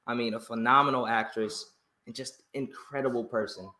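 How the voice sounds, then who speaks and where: An excitable young man hosts a casual interview, often breaking into laughter. His voice sits in a middle pitch. It rings with the echo of a roomy space. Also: moderate pace. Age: young adult. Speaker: podcast host.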